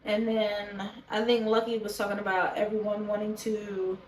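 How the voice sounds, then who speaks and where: A woman's voice: medium pitch, little pitch movement, normal speed, echoey room, slight background noise, poor audio. A woman reviewing a reality show in casual chat to camera, blunt, profane and opinionated. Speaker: show reaction vlogger. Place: indoors, talking to a camera.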